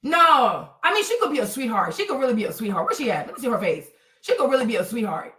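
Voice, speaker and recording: A woman's voice: fairly high pitch, sing-song, fast talker, pushed and bright. A woman streaming live, talking bluntly and profanely straight at her commenters. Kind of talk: ranting to chat. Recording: roomy, from a distance.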